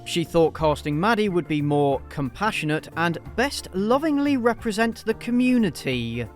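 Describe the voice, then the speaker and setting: Animated sarcastic man reviewing. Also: high-pitched, normal speed, faint music behind. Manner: sarcastic, blunt, profane. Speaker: video essay host. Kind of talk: scripted commentary review.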